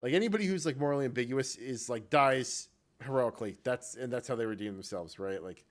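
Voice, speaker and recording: Podcast dude, middle voice, rambly and unsure, lots of likes and ums. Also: male voice, mid-range voice, brisk. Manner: rambling, hesitant, lots of fillers and restarts. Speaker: podcast co-host. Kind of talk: casual chat about video games.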